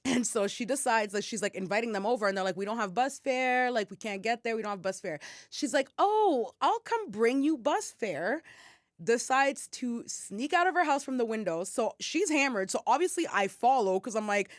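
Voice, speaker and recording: A woman's voice: on the high side, a little fast, few pauses, no echo. Young woman podcast co-host, chatty storyteller, salty language, dry close mic. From Ottawa, Canada. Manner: animated storyteller, acts out quotes, swears freely. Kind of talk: casual storytelling chat.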